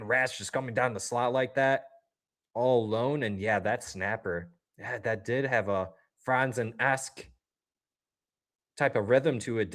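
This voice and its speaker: A man in the middle of a casual live game watch-along, chatting to his viewers between plays. His delivery is upbeat and loose, and he jumps up loudly when something happens on the ice. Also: medium pitch. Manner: talks straight to chat viewers. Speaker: livestream host.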